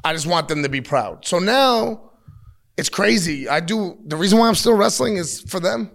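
Kinda high-voiced guy in his 30s, swears a lot, tells stories all animated and blunt. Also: normal speed, gravelly. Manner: blunt, profane, animated storytelling. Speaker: pro wrestler, interview guest. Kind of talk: casual interview talk. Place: at a wrestling show taping.

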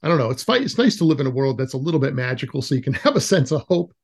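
A man's voice: mid-range voice, racing, gravelly, husky. A man hosting an interview podcast, chatting casually and telling stories with frequent laughs. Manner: laughs often, animated when retelling stories. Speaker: podcast host interviewing an educator. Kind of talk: casual conversational storytelling.

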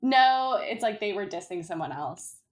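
A woman's voice: medium pitch, lively intonation, moderate pace. A young adult woman in a casual podcast chat, easygoing and searching for words as she explains.

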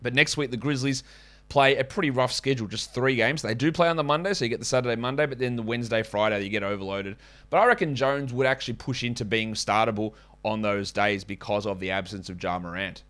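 A man hosting a fantasy basketball podcast, talking casually with quick asides and self-corrections. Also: mid-range voice, fairly bright tone. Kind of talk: casual podcast talk with ad reads.

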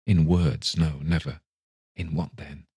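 A man reading a story aloud, voicing a gentle young woman who softly and steadily lets her sweetheart go. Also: rumbling low, little pitch movement, slow pace, husky, heavily acted. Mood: gently sorrowful.

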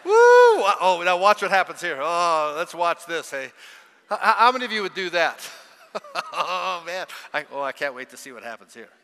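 A man's voice: high-pitched, fairly quick, full character voice. A man voicing a gleeful, careless parent who eagerly eggs on a child's mishap. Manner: excited, egging on, laughing asides. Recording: long hall reverb.

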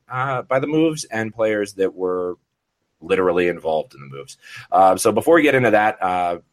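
Chuckling podcast host, low-voiced man. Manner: jokey, laughing, filler-heavy. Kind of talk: casual podcast chat.

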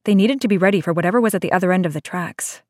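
A woman narrating a novel aloud in a steady, even storytelling manner. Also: lowish voice, rapid-fire, no room sound, clean studio sound. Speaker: audiobook narrator. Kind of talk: scripted narration.

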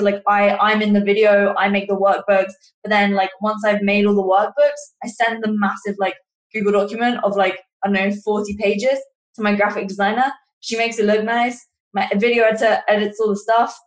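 Young English woman, chatty, roomy sound. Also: medium pitch. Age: 20s. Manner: chatty, many fillers like "like". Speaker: podcast guest, online coaching entrepreneur. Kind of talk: casual interview talk. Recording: roomy echo.

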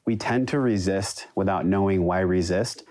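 A man's voice: deep voice, normal speed, a little mellow. A man who coaches breathwork, speaking as a guest in an earnest, reflective way. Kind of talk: casual conversation.

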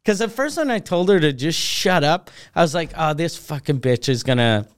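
A man's voice: a little high, lively intonation, normal speed. A man co-hosting a podcast, telling profane, self-mocking anecdotes with laughter in casual chat. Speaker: podcast co-host.

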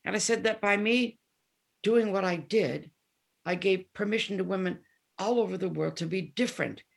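A woman in her seventies speaks with a gravelly, fry-tinged voice at a middling pitch. She is a guest in a relaxed interview, telling candid stories and acting out the people she quotes. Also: moderate pace. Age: 70s. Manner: candid, animated storyteller who acts out quoted dialogue. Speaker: guest musician. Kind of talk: casual interview storytelling.

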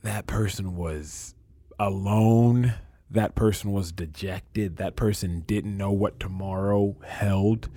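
A man's voice: on the low side, fairly even intonation, slow, warm tone. A man in his thirties, a podcast guest talking earnestly and reflectively, often repeating phrases as he works through feelings. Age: 30s. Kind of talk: emotional casual conversation.

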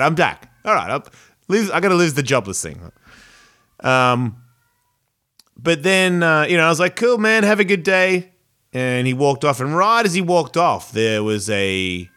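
A man's voice: mid-range voice, a bit bright. A man hosting a podcast, telling a story in a rambling, self-reflective way. He swears freely and often restarts his sentences. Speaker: podcast host. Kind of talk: casual storytelling monologue.

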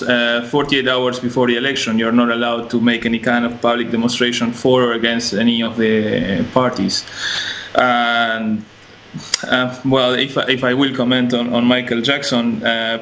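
Bright-voiced opinionated man. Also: medium pitch, level tone, normal speed, slight background noise. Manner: opinionated, hesitant with fillers. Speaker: podcast co-host. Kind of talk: casual podcast discussion.

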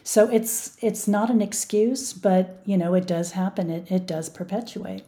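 A middle-aged woman, the mother of a victim, appears as a guest in an interview conversation, speaking earnestly and with emphasis. Her mid-range voice is warm and steady in tone, moving at a moderate pace with few pauses.

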